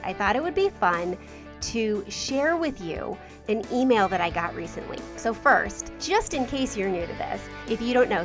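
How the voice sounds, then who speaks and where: A woman podcast host talking in a chatty, enthusiastic way. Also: mid-range voice. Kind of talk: podcast ad read and talk. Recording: music bed behind voice.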